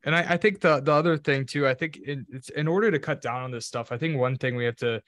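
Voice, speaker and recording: A man's voice: medium pitch, quick pace, fairly bright tone, no echo. Guy hosting a podcast, laid back, says like a lot, dry close mic. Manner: casual, lots of "like" fillers. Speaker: podcast host. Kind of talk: conversational interview.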